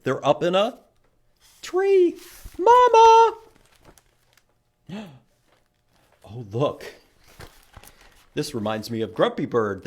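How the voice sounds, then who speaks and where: Children's librarian, male, slow and expressive storytime reader. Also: medium pitch. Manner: animated, asks the listeners questions. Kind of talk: reading a picture book aloud to children.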